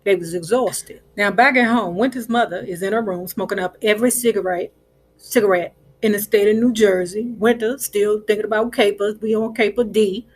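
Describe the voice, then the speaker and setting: A woman's voice: medium pitch, fairly even intonation, normal speed. A woman retelling a novel in a casual storytelling recap, chatty, with sassy asides to the listener. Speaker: book recap host.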